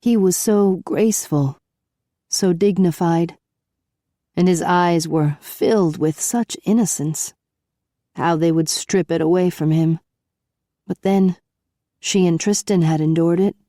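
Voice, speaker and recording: Dark-toned woman narrating. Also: fairly low pitch, dry recording, clean studio sound. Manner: measured storytelling. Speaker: audiobook narrator. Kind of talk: scripted narration.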